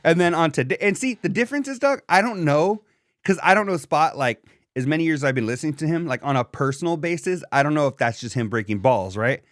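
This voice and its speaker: A young man in casual podcast chat who rambles on with plenty of swearing and fillers. His voice sits a bit high for a man. The sound is close and dry, with no room around it. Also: lively intonation, fast talker, no echo. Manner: rambling, profane storytelling with many fillers. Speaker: podcast co-host.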